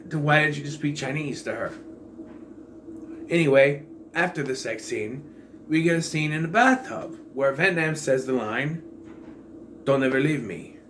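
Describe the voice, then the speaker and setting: A man talks through a film in a loose, rambling monologue, blunt and sarcastic. His voice sits a little high, and a faint noise runs underneath. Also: fairly bright tone. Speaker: movie reviewer. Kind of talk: casual movie review monologue.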